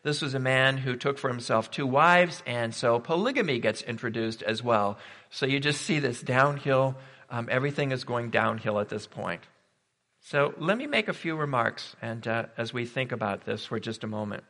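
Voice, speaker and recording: A man's voice: medium pitch, normal speed, pushed and bright. A man preaching a sermon, emphatic and full of rhetorical questions. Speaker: pastor. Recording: reverberant hall.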